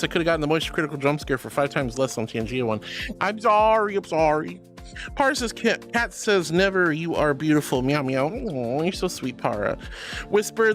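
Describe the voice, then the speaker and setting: A woman's voice: on the low side, fairly bright tone. A woman streamer chatting casually with viewers and reading out their messages, bubbly and affectionate, with playful giggles. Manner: bubbly and affectionate, calls viewers sweetheart and honey; playful, with frequent giggles and squeals. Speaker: VTuber streamer.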